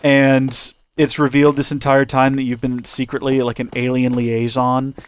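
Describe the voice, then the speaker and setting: A man's voice: mid-range voice, little pitch movement, normal speed, smooth. A man hosting a gaming channel, rambling and joking with viewers in a chatty commentary while his voice starts to give out. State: losing his voice. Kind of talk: chatty let's-play commentary.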